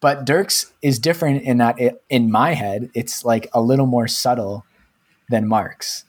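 Husky man chatting on a podcast. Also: mid-range voice, measured pace. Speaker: podcast co-host. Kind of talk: casual podcast chat.

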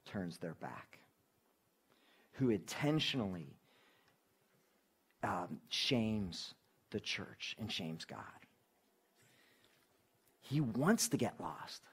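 Guy preaching a sermon, chatty and animated, pitch jumps around, sometimes goes real quiet. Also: slightly rough. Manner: animated, conversational preaching with tag questions. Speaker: pastor.

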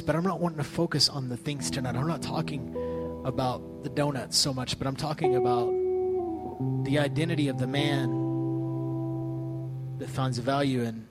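A man preaching a sermon in a conversational way, telling a story with hushed asides. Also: medium pitch, fairly even intonation, normal speed, over loud music, rough recording.

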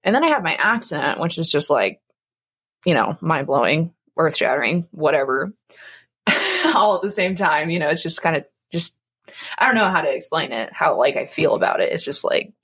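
A woman's voice: sits low, very animated, moderate pace, fairly bright tone, slightly rough. A young woman co-hosting a casual faith podcast, rambling with many fillers and frequent laughs. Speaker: podcast co-host.

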